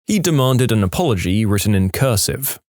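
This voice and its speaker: A man reading stories aloud with a dry, deadpan delivery. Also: lowish voice, fairly quick, dry recording. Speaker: story narrator.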